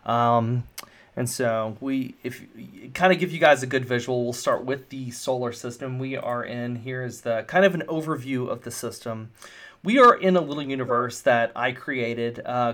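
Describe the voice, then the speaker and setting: A man's voice: medium pitch, normal speed, a bit bright. Male game master, casual, rambling, lots of ums. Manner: casual, rambling with many fillers. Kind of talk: narrating a tabletop game.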